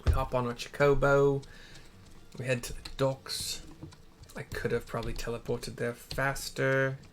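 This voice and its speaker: A man's voice: medium pitch, level tone, a little slow. A man talking casually while playing a video game, tossing out offhand asides and frequent swearing. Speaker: gamer. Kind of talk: casual let's-play commentary.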